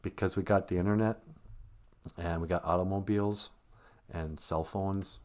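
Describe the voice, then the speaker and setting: A man's voice: low voice, steady tone, normal speed, a little mellow. A man hosting a livestream, joking and teasing in an ironic, chuckling way. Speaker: host of a language livestream.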